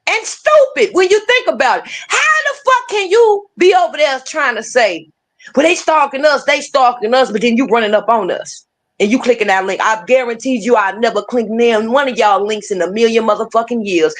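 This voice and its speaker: Woman streamer, fiery profane rant, lively swooping pitch, slightly high voice. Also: normal speed. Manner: profane, heated, repetitive. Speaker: livestream host. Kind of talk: casual ranting commentary.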